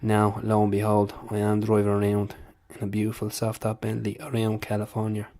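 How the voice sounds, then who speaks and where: A man's voice: fairly low pitch, monotone, fairly quick, warm tone, close to an everyday voice. A man doing a swaggering Dublin fighter. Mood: boastful. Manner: swaggering, self-assured, sweary. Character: brash Dublin fighter giving a motivational boast. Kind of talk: impression in a comedy vlog.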